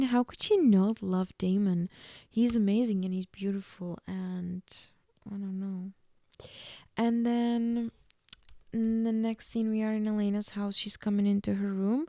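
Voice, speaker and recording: A young woman hosting a podcast, recapping a TV episode in a loose, chatty way full of fillers. Her voice is mellow with a gravelly fry and a middle pitch, recorded dry and close. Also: no room sound. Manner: chatty, full of "like" and "you know". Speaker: podcast host.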